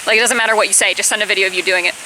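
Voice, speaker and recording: A woman in her twenties telling a casual storytime on her vlog, chatty, with high-pitched bursts when she quotes herself. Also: fairly even intonation, rapid-fire, background noise. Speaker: vlogger.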